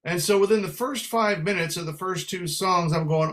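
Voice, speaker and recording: An older man from San Francisco, a veteran musician, telling lively stories in an interview and slipping into voices. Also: sits high, normal speed, few pauses. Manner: animated storyteller who slips into Irish brogue for quoted voices. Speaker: guest musician. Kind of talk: storytelling in a podcast interview.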